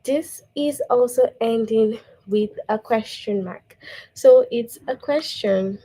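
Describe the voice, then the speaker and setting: A woman teaching a grammar lesson to young children, slow and patient, often checking in with "okay?". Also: fairly high pitch, warm tone.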